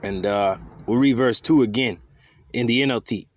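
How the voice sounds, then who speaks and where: A man's voice: mid-range voice, moderate pace. A man teaching scripture in a fiery, scolding way, swearing freely and firing rhetorical questions. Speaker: preacher.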